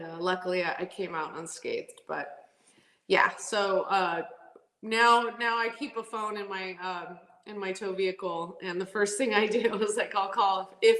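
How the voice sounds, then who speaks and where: A woman's voice: on the low side, reverberant, poor audio. A woman drag racing driver telling stories in a casual interview, laughing often and acting out what people said. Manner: animated, laughs often, acts out quotes.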